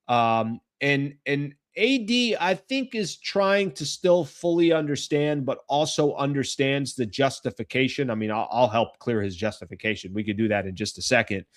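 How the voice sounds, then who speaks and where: A man's voice: mid-range voice, moderate pace, few pauses. A man hosting a basketball talk show in a casual commentary style, chatty and thinking aloud as he goes, stopping to correct himself mid-sentence. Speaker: sports talk show host.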